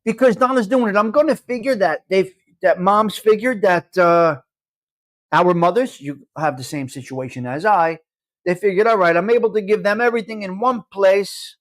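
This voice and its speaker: A man's voice: high-pitched, moderate pace. A man hosting a casual live-stream chat, brash and mock-combative, swearing freely as he talks to viewers. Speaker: live show host.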